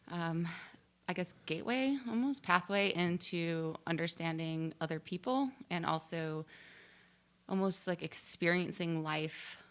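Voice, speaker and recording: An earnest woman guest with a lowish, gravelly voice and plenty of vocal fry. She talks into a studio mic in a rambling, heartfelt, casual way. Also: fairly bright tone. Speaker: guest, fitness trainer. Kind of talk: casual podcast chat. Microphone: studio microphone.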